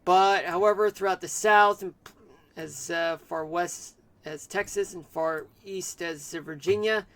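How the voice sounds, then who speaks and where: High-voiced man giving a halting weather report. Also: fairly bright tone. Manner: halting, full of fillers and restarts. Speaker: streamer. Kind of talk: amateur weather forecast.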